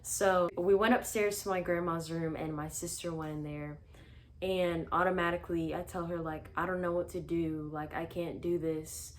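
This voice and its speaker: A woman's voice: on the low side, steady tone, moderate pace, a little hiss or hum. A young woman vlogger casually telling her own life story, chatty with lots of "like" and small laughs. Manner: chatty, frequent "like", laughs between sentences.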